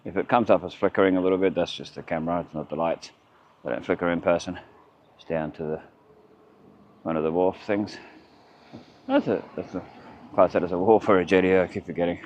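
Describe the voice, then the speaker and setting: Deep-voiced Australian man rambling outdoors. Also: steady tone, fairly quick, long pauses. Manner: rambling, chatty, muttering asides. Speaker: vlogger. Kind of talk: walking vlog narration. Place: outdoors by a town waterfront. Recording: dull lo-fi camera audio with faint outdoor noise.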